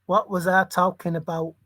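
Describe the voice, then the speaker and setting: A man's voice: high-pitched, little pitch movement, moderate pace, bright, forceful tone, dry recording. A man rambling in a solo monologue, muttering to himself and breaking into sudden exclamations. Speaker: channel host.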